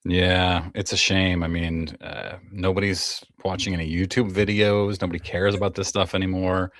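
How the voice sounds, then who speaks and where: A man's voice: low voice, flat delivery, normal speed, hardly any pauses, fairly bright tone, dry recording. A man in his forties with a light Maine accent, co-hosting a casual podcast with a dry, joking manner. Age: 40s. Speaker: podcast co-host.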